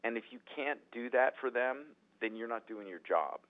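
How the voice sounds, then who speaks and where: A man who is a writer-director telling animated stories in an interview, often restarting his sentences. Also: medium pitch, normal speed. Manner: animated, acts out quotes, frequent restarts. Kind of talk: anecdotal storytelling in a podcast interview. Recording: tinny phone-like line.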